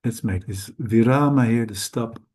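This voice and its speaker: A man whose first language is Dutch, teaching Sanskrit letters in a slow, careful lesson, hesitant and correcting himself often. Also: medium pitch, darkish tone, breathy edge. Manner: hesitant, halting, with frequent self-corrections.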